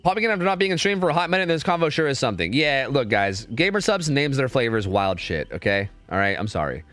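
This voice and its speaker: A man casts game scrims on a live stream, chatty and casual, often repeating words in quick bursts. His mid-range voice is very animated and fairly bright.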